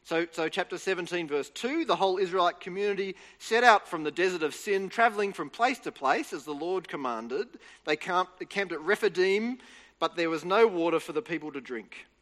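High-voiced guy preaching, earnest and explaining, big echoey hall. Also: lively intonation, brisk, fairly bright tone. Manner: earnest, explanatory, with frequent restarts. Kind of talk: Bible teaching talk. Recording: reverberant hall.

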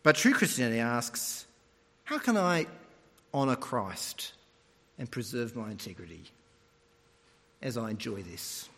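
A man's voice: mid-range voice, unhurried, creaky, long pauses. A man preaching a sermon, retelling stories and putting on voices as he goes. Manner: animated storytelling, mimics voices. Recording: long hall reverb.

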